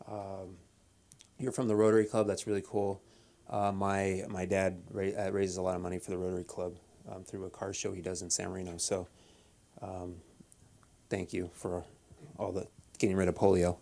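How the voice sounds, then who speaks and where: A man doing a deadpan stand-up set at an open mic, halting with many restarts and fillers. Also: low voice, gravelly. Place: comedy club stage.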